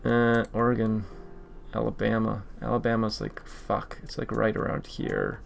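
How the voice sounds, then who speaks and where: A man's voice: lowish voice, level tone, measured pace, creaky, soft background music. A man streaming a map game, talking casually to himself, often frustrated and swearing. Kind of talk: casual gaming stream commentary.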